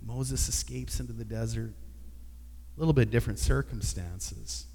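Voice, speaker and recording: A man preaching a sermon, telling a story with lively, animated delivery. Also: medium pitch, moderate pace, vocal fry, big-room sound. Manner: animated storytelling, acting out dialogue. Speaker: pastor.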